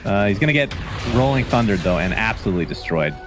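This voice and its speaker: A man doing play-by-play esports commentary, calling fights quickly and joking with his co-caster. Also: lowish voice, over music. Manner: excitable, joking, quick calls.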